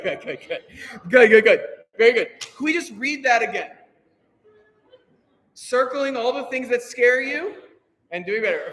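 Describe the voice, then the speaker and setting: High-voiced man conducting a choir rehearsal. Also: unhurried, long pauses. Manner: energetic, encouraging, counts in beats. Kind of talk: rehearsal instruction. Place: rehearsal room with a piano. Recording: echoey hall with piano.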